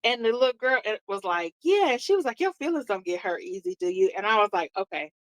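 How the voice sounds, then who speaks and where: A woman's voice: mid-range voice, sing-song, fast, no room sound. A woman co-hosting a podcast, telling a family story in casual chat and acting out the people she quotes. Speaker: podcast co-host.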